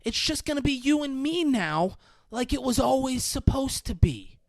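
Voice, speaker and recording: A shaken young woman frantically soothing someone, voiced by a man in falsetto-ish register. The pitch jumps well above his own voice and the words loop and stumble. Dry, close recording. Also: sing-song, normal speed, dry recording, full character voice. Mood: frantic.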